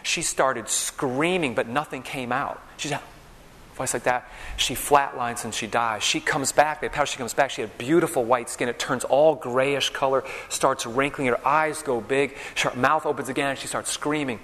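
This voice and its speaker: A man's voice: medium pitch, normal speed, fairly bright tone. A man preaching a sermon, telling vivid stories and checking in with the crowd with "okay?" and "all right?". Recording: long reverb in a large hall.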